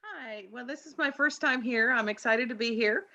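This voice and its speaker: Bright-voiced woman in her sixties. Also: a little high, normal speed, no room sound, muffled recording. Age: 60s. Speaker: marketing business owner. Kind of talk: casual group video call. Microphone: video call.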